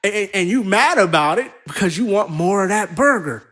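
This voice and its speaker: A man co-hosting a casual podcast, talking in an animated, profane, rambling way. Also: high voice, brisk. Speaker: co-host.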